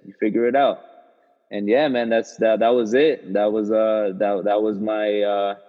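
Low-voiced young man telling a story. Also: flat delivery. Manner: loose, halting storytelling with many fillers and restarts. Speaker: guest, former college soccer player. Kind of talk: casual storytelling interview. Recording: roomy, slightly muffled sound.

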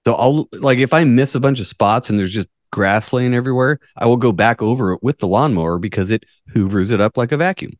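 A man's voice: medium pitch, a little fast, hardly any pauses, no echo, studio quality. A man from the United States hosting a casual podcast, reading news stories aloud with sarcastic, profane asides. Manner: profane, jokey, reads articles with sarcastic asides. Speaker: podcast host.

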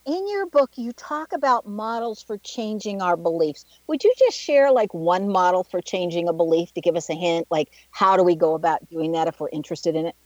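A woman hosting a radio talk show, chatty and quick to laugh, telling stories from her own life. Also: lowish voice, animated, dry recording. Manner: chatty, tells personal anecdotes, laughs easily. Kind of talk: casual radio interview. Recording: dry, dull lo-fi studio sound.

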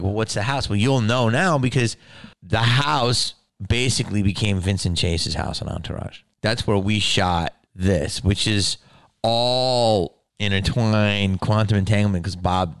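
A man hosting a podcast, telling a story in a casual, animated way with lots of swearing and laughing. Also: on the low side, gravelly, no echo, studio quality. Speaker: podcast host.

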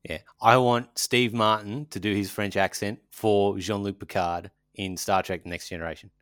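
A man's voice: fairly low pitch, fairly even intonation, moderate pace, a bit bright, dry recording, studio quality. A man chatting casually as a podcast co-host, rambling and joking, often trailing off mid-sentence. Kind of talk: casual chat.

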